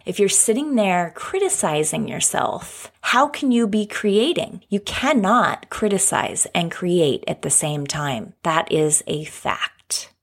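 A woman's voice: mid-range voice, slightly rough. A woman hosting her own podcast, talking frankly and candidly in a conversational solo monologue. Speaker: podcast host.

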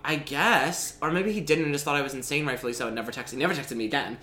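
A man in his twenties, co-hosting a podcast, telling a story in a lively way with lots of laughter. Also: a little high, fast. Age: 20s. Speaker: podcast co-host. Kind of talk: casual storytelling chat. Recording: echoey room, faint background noise.

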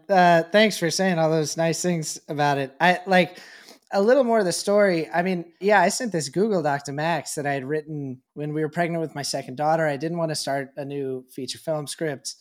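Easygoing man with a fairly high voice. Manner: easygoing, rambling with fillers. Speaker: podcast co-host. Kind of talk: casual chat.

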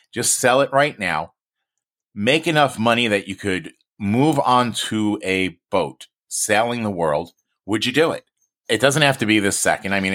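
A man's voice: deep voice, a bit bright. A man hosting a podcast in a loose, chatty way, swearing casually. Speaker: podcast host.

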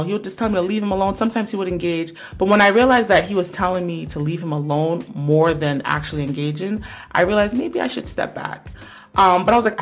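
Woman, young adult, podcast host, teacher, casual monologue, earnest, conversational, somewhat low pitch. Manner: earnest, conversational, peppered with "like" and "right?".

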